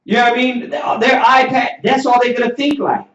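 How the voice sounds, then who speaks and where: With a very high voice and fairly even intonation, a Southern US teacher preaches emphatically in an echoey room, nearly shouting and repeating drawn-out questions in a sermon-style class. The audio is muffled and roomy, recorded from far off the mic.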